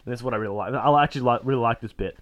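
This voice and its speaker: A man co-hosting a podcast, casually recapping a sitcom and acting out its characters in quick, squeaky put-on voices. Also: muffled recording. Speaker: podcast co-host.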